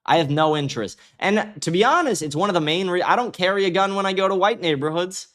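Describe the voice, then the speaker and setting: A man's voice: sits high, fast talker, fairly bright tone. A young man hosting a livestream, giving angry, profane commentary and reacting to his chat. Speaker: livestream host.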